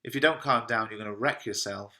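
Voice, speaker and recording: Bright-voiced teacher explaining. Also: male voice, lowish voice, fairly quick. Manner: chatty, plain paraphrasing. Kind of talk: literature lesson explaining a play.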